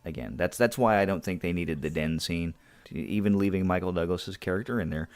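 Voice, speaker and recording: Man, very low voice, dry joking podcast co-host, casual movie chat. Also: darkish tone. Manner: dry, joking asides, slows down to make points.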